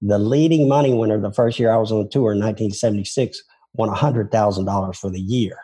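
An older Southern man with a Tennessee drawl, his voice low, mellow and a little husky. He rambles through his stories with restarts and self-deprecating asides in a relaxed interview. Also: quick pace. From Memphis, Tennessee. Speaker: former touring golf pro, interviewee. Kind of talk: casual interview storytelling.

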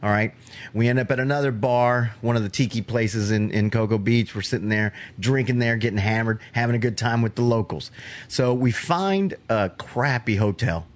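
A man's voice: medium pitch, normal speed. A man hosting a podcast, chatting casually and telling a story with easy laughs. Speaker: podcast host.

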